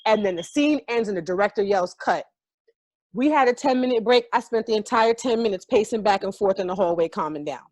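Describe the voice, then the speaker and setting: A woman's voice: mid-range voice, fast, hardly any pauses, a little mellow, no echo. A woman from New York, a stage actor as a guest, telling a story in a vivid, profane and emotionally open way. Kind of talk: casual storytelling.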